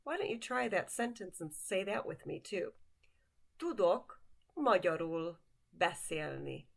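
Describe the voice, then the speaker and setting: A woman's voice: medium pitch, animated, moderate pace, gravelly, slightly rough. A woman teaching basic vocabulary word by word, patiently asking the listener to repeat each one after her. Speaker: language teacher. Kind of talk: slow vocabulary lesson with repetition.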